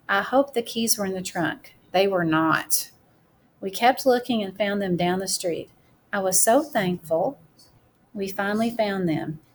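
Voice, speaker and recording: A woman teacher giving a recorded writing mini-lesson, explaining step by step and slowing down to dictate as she writes. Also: mid-range voice, a little hiss or hum. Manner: slow, deliberate dictation while writing.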